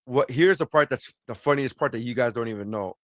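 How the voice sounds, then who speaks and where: A man co-hosts a casual podcast from a remote connection and tells rambling stories. He swears freely and acts out what people said. His voice is medium in pitch and sounds dry, with no room around it. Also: fairly quick, fairly bright tone, no room sound. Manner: rambling storyteller, swearing, acting out quotes. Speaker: podcast co-host. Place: remote call from a cruise ship.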